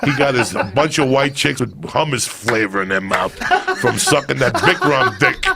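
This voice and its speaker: A man in his fifties from a Cuban family, telling profane, animated stories as a podcast guest. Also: mid-range voice, moderate pace, creaky, over a noisy crowd. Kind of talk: casual storytelling.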